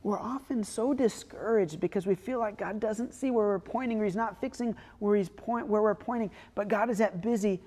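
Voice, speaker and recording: A woman pastor preaching a sermon in a relaxed, conversational storytelling way. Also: mid-range voice, normal speed, hardly any pauses, in a large hall.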